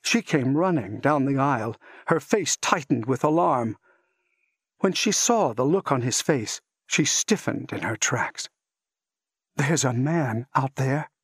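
Husky, slow-reading man. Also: medium pitch, animated, no room sound, clean studio sound. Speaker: audiobook narrator. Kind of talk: dramatic story reading.

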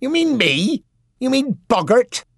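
A man's voice: very high-pitched, sing-song, takes it slowly, creaky, breathy edge, dry recording, clean studio sound, pitched above the performer's own voice, heavily acted. A man voicing a grumbling, chatty seal-like male marsh creature in an audiobook. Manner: complaining, chatty.

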